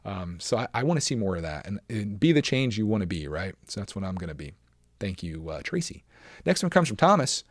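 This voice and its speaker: A man's voice: on the low side, very animated, brisk, no echo, clean studio sound. A man in his thirties hosting a casual solo podcast, chatting in an upbeat, encouraging, rambling way. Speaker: podcast host.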